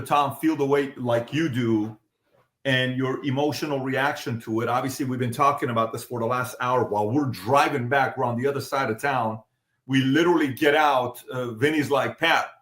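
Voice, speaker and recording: A man's voice: medium pitch, a bit bright, reverberant. A man hosting a podcast panel, talking urgently and emphatically as he leads the discussion. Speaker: podcast host.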